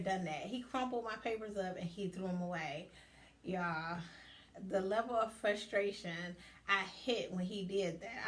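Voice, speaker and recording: Animated woman telling a story. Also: medium pitch, slight background noise. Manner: animated, acts out both sides of a conversation. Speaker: podcast host. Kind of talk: casual storytelling monologue.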